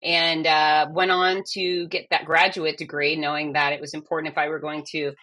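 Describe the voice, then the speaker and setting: Bright-voiced woman, candid interview guest. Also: sits low, level tone. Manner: candid, emotional, quick bursts. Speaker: fitness expert and race announcer, guest. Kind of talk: conversational interview.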